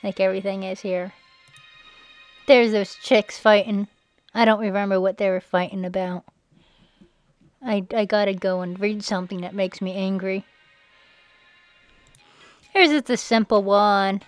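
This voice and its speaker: A woman's voice: level tone, moderate pace, dry recording, poor audio. Sarcastic woman mocking, music behind. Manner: mocking, sarcastic, puts on shrill quoted voices. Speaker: video narrator. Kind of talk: sarcastic commentary over images. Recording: faint background music.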